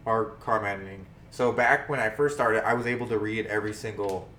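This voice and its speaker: A man's voice: lowish voice, steady tone, fairly quick, sharp tone, echoey room, a little hiss or hum. A man co-hosting a podcast in casual chat, hesitant and often restarting his sentences. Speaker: co-host.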